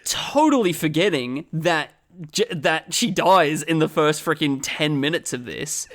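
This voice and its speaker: A man's voice: fairly high pitch, lively intonation, a little slow, fairly bright tone. A man co-hosting a podcast, casually and agreeably talking over a film. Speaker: podcast co-host. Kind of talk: casual film-review chat.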